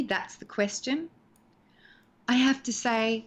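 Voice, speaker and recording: An actress in her sixties speaks in a slightly high, fairly even voice at a somewhat slow pace, and the sound is lo-fi. She's a guest on a video-call interview from her home, talking animatedly about acting and performing lines as she explains.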